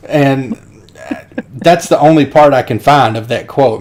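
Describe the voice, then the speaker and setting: A man co-hosts a film podcast, walking through a movie scene in a chatty, storytelling way. He laughs often as he goes, and his voice sits at an ordinary middle pitch. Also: steady tone, moderate pace, a little mellow. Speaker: podcast co-host. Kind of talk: casual film discussion.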